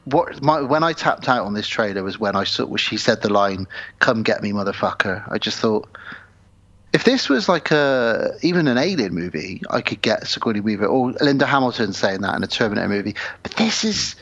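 A man's voice: lowish voice, lively intonation, brisk, a bit bright. Chatty man, slightly muffled audio. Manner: chatty storyteller, swears, acts out quotes. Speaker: podcast co-host. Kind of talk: casual chat.

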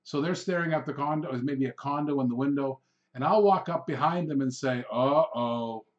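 A middle-aged man, a real estate trainer and podcast host, gives instructional sales advice conversationally, acting out brief exchanges with customers. His voice is fairly high and brisk, and the audio sounds dull.

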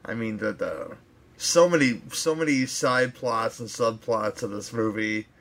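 A man's voice: lowish voice, a little slow, fairly bright tone. A man co-hosting a casual podcast, rambling and hesitant as he reviews a movie, with crude asides. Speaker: podcast co-host.

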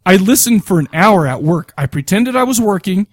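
A man's voice: high voice, animated, moderate pace, no room sound, clean studio sound. A man co-hosting a casual podcast, talking in a laid-back, rambling way, full of fillers and "man". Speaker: podcast co-host.

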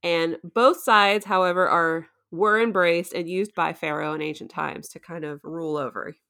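Woman, chatty recap talk, bright tone, somewhat low voice, playful asides. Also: fairly even intonation, normal speed. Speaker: co-host. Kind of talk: casual recap chat.

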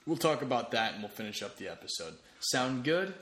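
A man's voice: mid-range voice, very animated, a little fast, a bit bright. A man hosting a solo comedy podcast late at night, rambling casually with restarts. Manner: rambling, with frequent restarts and fillers. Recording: echoey room.

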